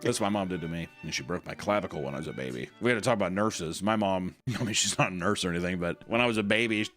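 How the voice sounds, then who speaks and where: Young male co-host, loose and profane, bright tone, faint music underneath. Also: low-pitched, rapid-fire. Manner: animated, profane, jokey. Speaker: podcast co-host. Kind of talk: casual reaction chat.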